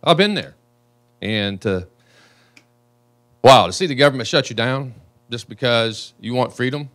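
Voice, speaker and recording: A man's voice: medium pitch, animated, normal speed, long pauses, a bit bright. Earnest emotional American congressman. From United States. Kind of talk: town hall remarks.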